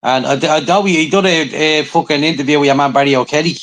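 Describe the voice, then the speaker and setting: An Irish man with a fairly high voice talks casually on a podcast. He swears freely and tells his stories in an animated way. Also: quick pace, rough recording. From Ireland. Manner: swears often, animated storytelling. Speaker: podcast co-host. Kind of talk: casual chat.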